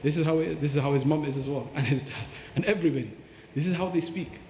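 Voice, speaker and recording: A man's voice: fairly high pitch, quick pace, a little mellow, slight background noise. A man explaining Quran recitation on a podcast, breaking into recited Arabic phrases as he teaches. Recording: echoey hall with long reverb.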